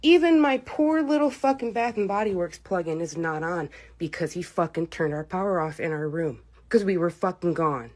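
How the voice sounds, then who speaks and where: A woman's voice: fairly low pitch, lively intonation, normal speed, hardly any pauses, a little mellow. A woman ranting angrily in a vlog and swearing heavily. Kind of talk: vlog rant.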